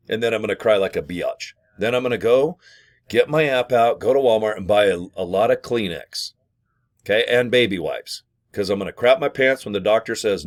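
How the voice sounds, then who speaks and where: A man talking to camera in a jokey, rambling way while pitching an affiliate program from his small home studio. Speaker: vlogger promoting an affiliate program. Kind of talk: casual rambling sales talk to camera.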